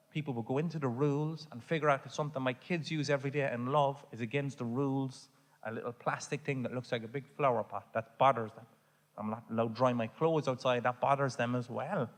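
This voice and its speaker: A man with an Irish accent performing stand-up comedy on a theatre stage, telling a story full of swearing that builds to shouting. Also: mid-range voice, brisk. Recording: live hall reverb, faint audience noise.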